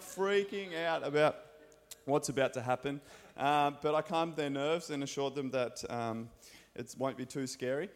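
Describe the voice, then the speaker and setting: A man's voice: a little high, expressive, normal speed. Australian male preacher, casual and upbeat, tells school stories from the pulpit. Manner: enthusiastic, chatty storyteller. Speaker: pastor and school scripture teacher. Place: church.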